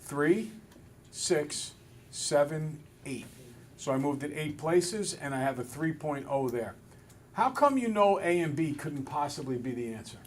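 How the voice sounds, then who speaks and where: A male math teacher in a classroom, relaxed and a little self-deprecating, talking through each step aloud. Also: on the high side, unhurried, a little hiss or hum. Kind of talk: classroom lesson. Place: school classroom with students.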